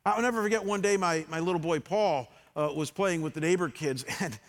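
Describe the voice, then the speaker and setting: A middle-aged man preaching a sermon as a pastor, telling candid personal stories and moving between loud re-enactments and quiet reflection. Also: on the high side, fairly quick. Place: church sanctuary. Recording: long hall reverb.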